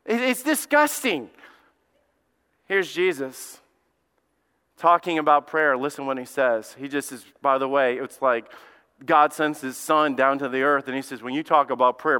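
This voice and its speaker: A middle-aged man preaching a sermon as lead pastor, animated and joking, acting out quick little scenes with his listeners. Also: medium pitch, clean tone. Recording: long hall reverb.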